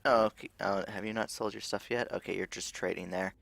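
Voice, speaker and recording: Young gamer guy with a gravelly voice rambling through his let's play, lots of half-finished thoughts. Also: low voice, steady tone, a little fast, fairly bright tone, dry recording. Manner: rambling, thinks aloud with restarts. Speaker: gaming video host. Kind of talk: casual let's-play commentary.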